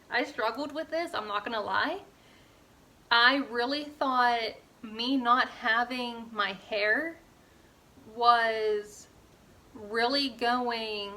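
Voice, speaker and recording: A woman's voice: on the high side, pushed and bright. A young woman from Pittsburgh, talking earnestly in a casual personal vlog and filling her speech with "like" and "you know". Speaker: fitness vlogger.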